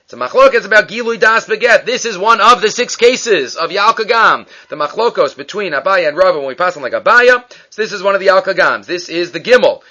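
A man teaching a Talmud class, lively and questioning, mixing in Hebrew and Aramaic terms. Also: high voice, brisk, few pauses. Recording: dull lo-fi class recording.

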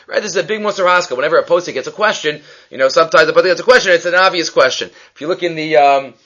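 A man teaching a text-study lecture, lively, often checking in with "right?" and acting out the people in his stories. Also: high voice, rapid-fire, hardly any pauses. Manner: lively, questions the listener with frequent "right?"; acts out quoted speakers in the stories he tells. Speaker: Talmud teacher.

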